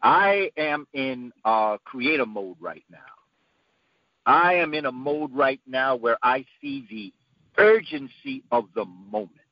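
A man giving an emphatic, preacherly talk whose voice climbs to high peaks. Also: slow pace, no room sound. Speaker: guest speaker. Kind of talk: impassioned lecture-style talk. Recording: dull lo-fi dry sound.

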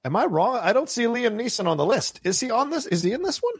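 A man co-hosting a casual movie chat, animated and quick to agree and interject. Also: very high voice, breathy edge, no echo, studio quality. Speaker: podcast co-host.

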